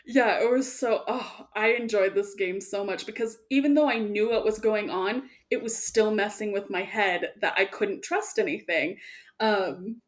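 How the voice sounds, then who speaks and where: A woman co-hosting a casual chat, telling animated gameplay stories and laughing often. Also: mid-range voice, moderate pace. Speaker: podcast co-host.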